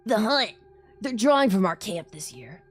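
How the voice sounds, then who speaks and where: A woman's voice: mid-range voice, big pitch swings, moderate pace, soft background music, voice pushed up, lightly acted. A woman voicing a cocky young male bully in a game, mocking and taunting with a patchy put-on British twang. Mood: gloating. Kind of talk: voicing lines in a game playthrough.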